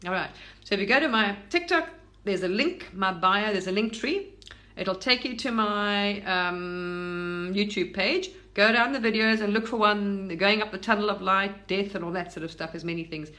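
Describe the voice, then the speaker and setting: A woman's voice: mid-range voice, moderate pace, bright, forceful tone. A middle-aged woman from Britain, talking casually and with enthusiasm about spiritual experiences, rambling through restarts and asides. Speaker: spiritual content creator.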